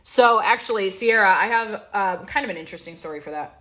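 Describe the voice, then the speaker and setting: Bright-voiced young woman, confiding vlog talk. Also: medium pitch, a little fast. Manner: emotional, confiding, rambling with many fillers. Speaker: host.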